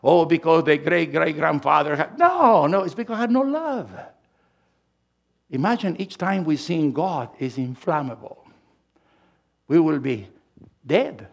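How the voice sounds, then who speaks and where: Gravelly high-voiced preacher. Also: male voice, a little slow, long pauses. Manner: animated preaching, swinging from quiet asides to loud emphatic lines. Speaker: pastor. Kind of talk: sermon.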